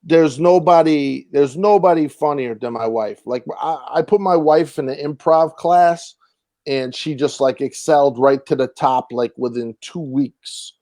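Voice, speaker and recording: A man's voice: on the high side, a little slow, mellow. A man talks through his acting stories in a loose, rambling way, stopping and restarting often and slipping into other people's voices when he quotes them. The sound is dry, with no room echo around him. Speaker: actor and comedian guest. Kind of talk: casual interview storytelling.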